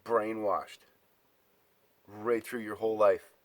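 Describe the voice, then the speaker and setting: A man's voice: fairly low pitch, level tone, takes it slowly, no echo. A man delivering an exasperated, profane ranting monologue, mocking his listeners.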